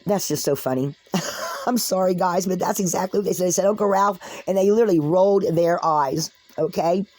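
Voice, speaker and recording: A woman's voice: on the low side, a little fast, a little mellow, no echo, low-quality recording. A woman giving a casual spiritual tarot reading to camera, chatty, laughing often and talking straight to her viewers. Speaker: tarot card reader.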